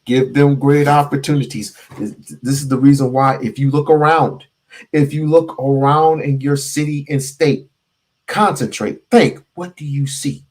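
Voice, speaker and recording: A man hosting a casual commentary stream, talking emphatically with big swings in pitch and loudness and asking the audience rhetorical questions. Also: steady tone, moderate pace. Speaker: host reacting to a clip.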